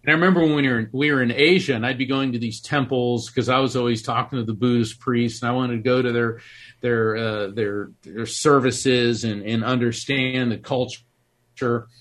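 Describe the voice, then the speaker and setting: A middle-aged man from Florida tells his story in an interview, earnest and animated. He often restarts his sentences. His voice sits in an ordinary middle register. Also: medium pitch, normal speed. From Florida, USA. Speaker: author and psychic medium.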